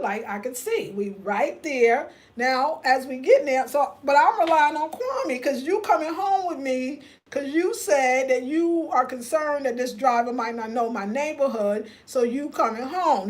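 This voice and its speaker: Animated older woman telling a story. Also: high-pitched. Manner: animated, profane, acts out other people. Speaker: vlogger. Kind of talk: casual storytelling.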